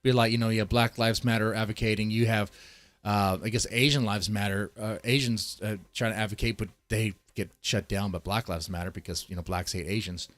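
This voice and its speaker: A man's voice: on the low side, fairly even intonation, a little fast, a bit bright, no echo. A man streaming live, rambling through casual, profane commentary and talking straight to his chat. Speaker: streamer reacting to a video.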